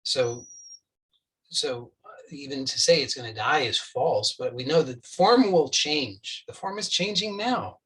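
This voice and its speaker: A man's voice: medium pitch, expressive, measured pace, fairly bright tone, distant mic, poor audio. A man giving an earnest, insistent spiritual talk, often restarting phrases and acting out imagined dialogue with the listener. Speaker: spiritual teacher.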